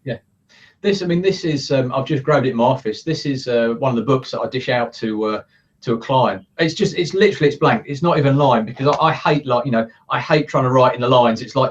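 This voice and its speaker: An earnest man talks through his coaching methods in a relaxed interview, slipping into the voices of the thoughts he quotes. He sits at some distance from the mic in his office. The sound is dull and muffled. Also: medium pitch, fairly quick, a little hiss or hum. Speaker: guest, coach. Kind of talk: casual interview chat.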